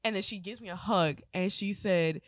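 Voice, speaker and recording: A young woman co-hosts a casual podcast and tells stories with lots of energy, swearing freely. Her pitch sits in the middle for a woman. The sound is dry and close, with no room echo. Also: normal speed. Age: 20s. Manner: animated storytelling, swears freely, slips into tears and laughter. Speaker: podcast co-host. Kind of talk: casual chat.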